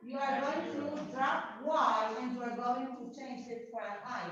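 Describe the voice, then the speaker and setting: A woman teacher walks her class through grammar at an unhurried pace, repeating each point and asking if they follow. Her slightly high voice carries through an echoey classroom, picked up on a dull, lo-fi recording. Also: fairly bright tone, slight background noise. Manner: slow, repetitive, checks understanding with "okay?". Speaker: English teacher. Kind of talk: grammar lesson to a hybrid class.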